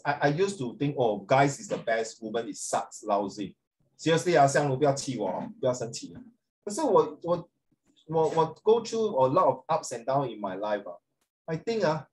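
A man's voice: mid-range voice, a little mellow. A middle-aged man, teaching a class in a rambling, chatty way, switching into Mandarin and calling on students by name. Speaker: secondary school English teacher. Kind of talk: classroom lecture, talking off the cuff.

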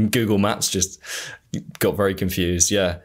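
Man, Southern English accent, podcast host, lowish voice, casual and halting, lots of ums. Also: slight background noise. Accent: generic Southern English. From England. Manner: hesitant, trailing off with many fillers. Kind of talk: casual chat.

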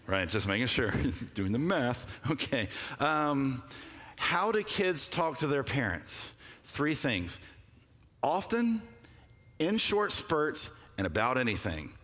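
A man preaching a sermon as pastor, talking conversationally and telling stories with quick asides. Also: a little high, a bit bright. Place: church sanctuary. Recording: long hall reverb.

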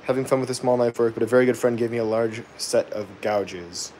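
A man hosting a live woodcarving stream, thinking aloud with many pauses and fillers and chuckling at his own jokes as he reads viewer comments. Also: medium pitch, a little mellow, a little hiss or hum. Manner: chuckles often, jokey and self-deprecating. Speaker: woodcarving livestream host. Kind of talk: live carving demo, chatting with viewers.

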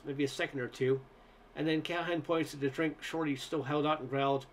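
A man narrating a story aloud in a relaxed storytelling manner, with occasional stumbles. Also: fairly high pitch, fairly quick, a little hiss or hum. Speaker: story reader. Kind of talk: audiobook narration.

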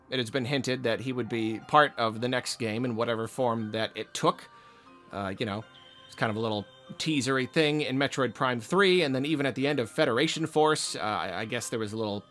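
A man's voice: mid-range voice, fairly bright tone. Enthusiastic man rambling over a trailer. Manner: enthusiastic, rambling with fillers and restarts. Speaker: video game channel host. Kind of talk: trailer reaction commentary.

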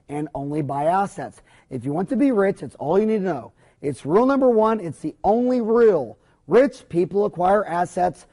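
A middle-aged man lectures at a whiteboard in a high, reedy voice. He talks bluntly and opinionated, rambling along with folksy mild cursing. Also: mellow.

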